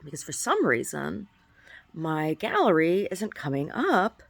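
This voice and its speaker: A woman's voice: deep voice, very animated, unhurried, gravelly. A woman talking casually into her video diary at home, rambling and aggrieved, often restarting her phrases. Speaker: video diarist.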